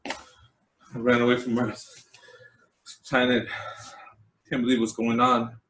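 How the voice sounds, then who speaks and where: A man's voice: medium pitch, monotone, takes it slowly, fairly bright tone, a little hiss or hum, voice pushed down. A man voicing a frantic man fleeing his home planet, out of breath and rambling, in a roomy echo.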